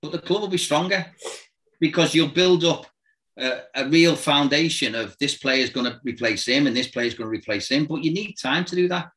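A former football manager telling lively anecdotes in casual chat, acting out voices and noises and laughing often. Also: male voice, fairly high pitch, normal speed, rough recording.

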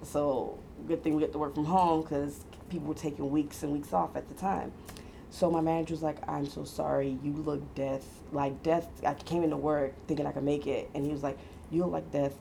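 A woman's voice: deep voice, a little fast, gravelly, slight background noise. A woman in her thirties casually telling a personal story, acting out what others said. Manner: animated, acts out quoted voices, laughs often.

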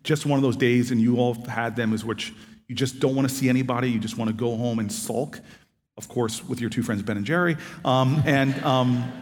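A man telling a personal story to an audience, acting out the quoted dialogue with lively energy. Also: medium pitch, a little fast, big-room sound. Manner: animated anecdotal storytelling, acting out both sides of dialogue. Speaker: author and former city politician. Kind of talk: storytelling talk.

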